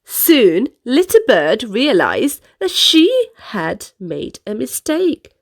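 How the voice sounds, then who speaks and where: A woman reading picture books aloud to children in an animated, sing-song way. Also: fairly high pitch, takes it slowly, a little hiss or hum. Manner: animated, sing-song, playful sound effects. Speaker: storyteller. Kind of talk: picture-book read-aloud for kids.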